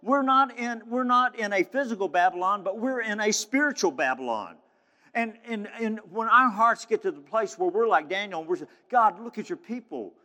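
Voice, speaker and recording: A man's voice: high-pitched, expressive, normal speed, pushed and bright. A man preaching a sermon in a fervent, emphatic way, often restarting his phrases. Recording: long hall reverb.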